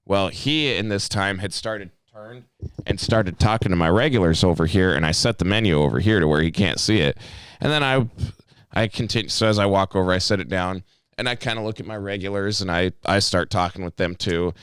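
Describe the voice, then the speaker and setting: Podcast co-host: a low-pitched, smooth-voiced man telling profane, animated bar stories. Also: brisk, dry recording. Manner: profane, animated storytelling with acted-out quotes. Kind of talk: casual podcast chat.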